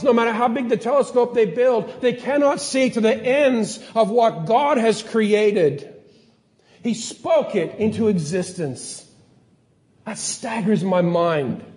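A man preaching a sermon, telling stories with lively energy and sometimes acting out excited scientists in a higher voice. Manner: animated storytelling, acts out excited scientists in a higher voice. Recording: long hall reverb.

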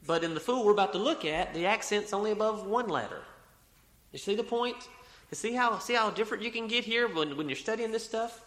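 Preaching in an echoing church hall, this pastor speaks a little quickly in a high, animated, somewhat bright voice. He reads passages of scripture aloud, repeats himself for effect, and stops to correct himself partway through sentences.

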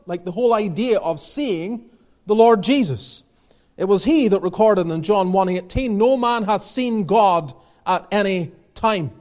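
A man's voice: sits high, a little mellow. A man preaching a sermon, earnest and building to emphatic exhortations, quoting old scripture wording. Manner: earnest, rising to emphatic exhortation, quotes King James scripture.

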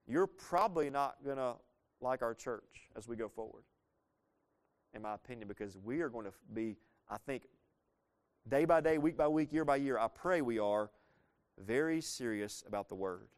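A man preaching a sermon in a middle-pitched voice. He talks earnestly and with emphasis, throws rhetorical questions at the congregation and drives points home by repeating them. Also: lively intonation, normal speed, long pauses, clean tone. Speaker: pastor.

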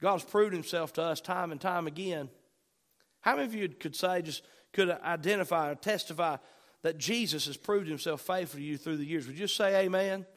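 A male pastor with a high voice delivers a fervent sermon. He swings between loud, urgent bursts and quiet, softer asides. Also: moderate pace.

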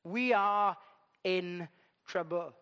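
A man's voice: high voice, drawn-out words, pushed and bright, clear, resonant tone, big-room sound, dull audio, pitched below the performer's own voice, heavily acted. A man voicing dismayed enemy soldiers who find they are surrounded.

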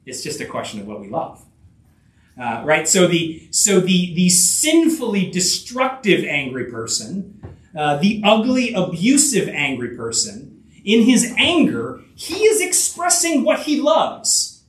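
A man preaching in a church sanctuary, his voice sitting high and swinging widely as he builds to emphatic peaks. He talks earnestly, with many fillers, restarts and rhetorical asides. The sound is roomy and echoey, picked up from some distance. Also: wildly swooping pitch, unhurried. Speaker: pastor. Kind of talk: sermon.

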